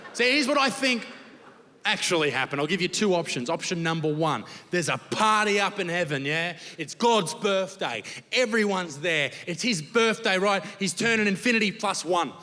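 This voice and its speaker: A man's voice: high voice, noisy background. A young Australian man doing crude, brash stand-up comedy with a lot of swearing. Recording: live hall with long reverb.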